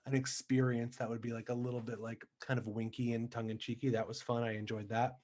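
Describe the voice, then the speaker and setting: A man's voice: medium pitch, little pitch movement, quick pace, a little mellow. A man, a stage actor guesting on a podcast, talking in a thoughtful, rambling way full of fillers. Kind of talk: casual chat.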